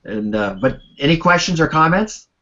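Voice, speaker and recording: A man's voice: a little high, animated, normal speed, pushed and bright. A man hosting a live coaching call, encouraging and calling on participants by name. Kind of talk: hosting a live video conference. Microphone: video call. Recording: muffled video call audio.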